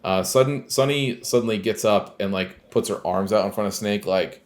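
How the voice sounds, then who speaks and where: A podcast co-host with a notably deep, low-pitched voice. He talks through a video game's plot in relaxed, rambling fashion, leaning on fillers. He swears casually as he goes. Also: moderate pace. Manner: loose and rambling, heavy on filler words. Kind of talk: casual chat recapping a video game.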